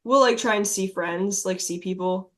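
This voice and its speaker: A woman's voice: medium pitch, normal speed. A woman musician guesting on a podcast, blunt and swearing freely, laughing through her stories. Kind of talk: casual chat.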